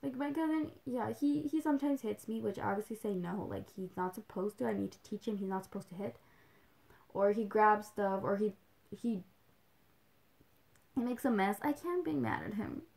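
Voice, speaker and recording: A woman's voice: medium pitch, moderate pace, gravelly, a little mellow. A young woman talking in a rambling, casual way as a livestream host, full of "like"s, slipping in Spanish phrases now and then. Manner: chatty, rambling, with many "like"s and little laughs. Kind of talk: casual chat.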